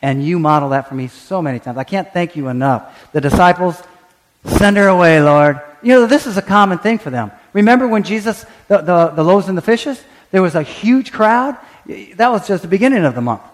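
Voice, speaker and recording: A pastor with a high-sitting voice preaches a sermon briskly, with few pauses, in a big-sounding room. He is animated, acting out quoted prayers and other voices. His speech is full of stammered restarts.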